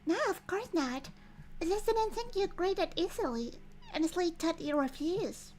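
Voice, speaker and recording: A woman voicing a bold young woman heroine as she reads game dialogue aloud, in a lively, playful way. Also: extremely high pitch, normal speed, slight background noise. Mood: eager.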